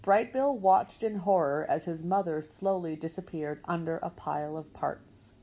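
A woman reading a storybook aloud as narrator, in a measured, steady way. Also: lowish voice, slightly rough, low-quality recording. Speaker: audiobook narrator.

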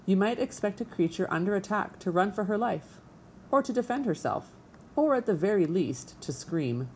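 A woman narrating a children's storybook in an expressive, measured way. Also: medium pitch, a little hiss or hum. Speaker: audiobook narrator.

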